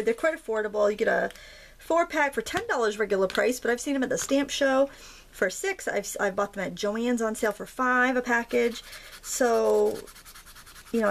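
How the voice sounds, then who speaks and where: A woman's voice: medium pitch, moderate pace, vocal fry, a little hiss or hum. A woman from Maine with a light Maine accent, chatting and joking her way through a casual craft demonstration at home. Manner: chatty, jokey, thinks aloud while working. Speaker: craft tutorial host.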